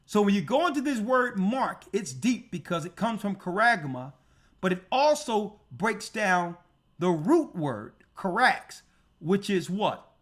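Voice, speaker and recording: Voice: mid-range voice, sing-song, unhurried. A church elder preaching on prophecy, emphatic and full of rhetorical questions. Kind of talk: prophecy teaching sermon.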